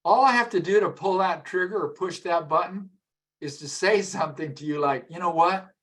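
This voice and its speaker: Middle-aged guy teaching a class, kinda high voice, chatty, keeps asking the room stuff. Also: moderate pace, a bit bright. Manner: conversational, repeats words, asks the audience questions. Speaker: emotional intelligence trainer. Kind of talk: live masterclass lecture.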